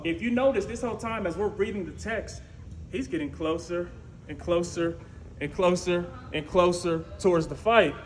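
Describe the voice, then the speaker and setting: Male preacher, storytelling sermon, high pitch, lively asides, roomy church echo. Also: moderate pace. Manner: lively, conversational, frequent "right?" asides. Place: church sanctuary. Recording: echoey church room with faint noise.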